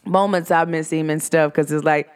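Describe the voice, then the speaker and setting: A woman vlogger telling a personal story in a casual, rambling way, full of "like" and sudden swings of pitch. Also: steady tone, normal speed, clear, resonant tone. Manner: rambling, heavy use of "like", pitch swings up and down sharply.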